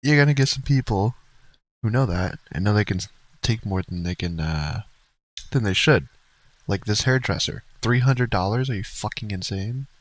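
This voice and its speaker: A man in a slightly low register runs commentary for his viewers. He rambles through asides and gets blunt and profane. The sound is dry and close, with no room around it. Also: expressive, moderate pace, no echo, rough recording. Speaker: streamer reacting to a livestream. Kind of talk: casual commentary to chat.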